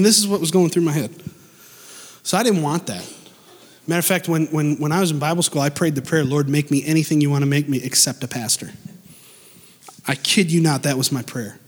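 A pastor preaching a sermon in church, animated and emphatic, speeding up and slowing down and swinging between loud and soft. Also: male voice, on the high side, breathy edge, long reverb tail. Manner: animated, emphatic preaching with sudden shifts in pace and loudness.

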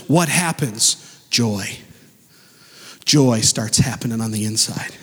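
A pastor preaching a sermon in church, animated and emphatic, speeding up and slowing down and swinging between loud and soft. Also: male voice, mid-range voice, slightly rough, in a large hall. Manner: animated, emphatic preaching with sudden shifts in pace and loudness.

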